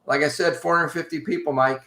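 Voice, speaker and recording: Guy telling a wry travel story, bright slightly high voice, roomy echo. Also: a little fast. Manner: animated, wry, addresses host directly. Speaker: podcast guest. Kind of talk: casual storytelling.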